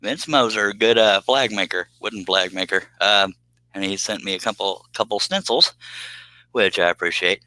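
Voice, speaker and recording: Folksy low-voiced man. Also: moderate pace, pushed and bright, dry recording, low-quality recording. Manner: rambling, folksy, laughs often. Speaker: woodworking live streamer. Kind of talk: casual live-stream chat.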